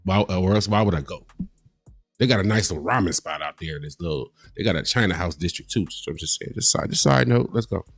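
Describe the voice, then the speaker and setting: A man hosting a reaction livestream, ranting in casual, profane commentary with lively, heated emphasis. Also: deep voice, a little fast, vocal fry, slightly rough, soft background music.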